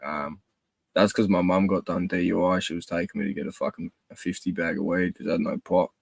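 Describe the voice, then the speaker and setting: A man's voice: low-pitched, flat delivery, fairly quick, gravelly, no echo. A young Australian man chatting casually, crude and heated, with heavy swearing. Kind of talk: casual chat.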